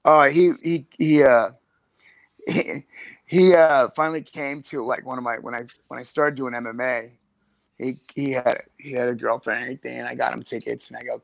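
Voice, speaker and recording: A gravelly-voiced man in his fifties rambles through profane stories from his past, voice dry and close to the mic. His pitch sits in an ordinary middle range. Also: fairly even intonation, moderate pace, no room sound. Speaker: guest. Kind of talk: casual chat.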